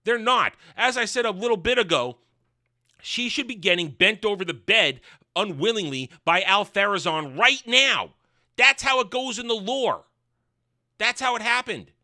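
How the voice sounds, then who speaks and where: A man rants through a show review in a crude, sarcastic tone, tripping over restarts as he goes. His voice sits high and sounds bright and forceful. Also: animated, moderate pace.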